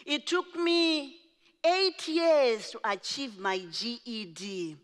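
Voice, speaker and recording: A middle-aged woman whose first language is Shona, telling her life story in a slow, deliberate speech with emphatic phrasing. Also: a little high. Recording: reverberant large hall.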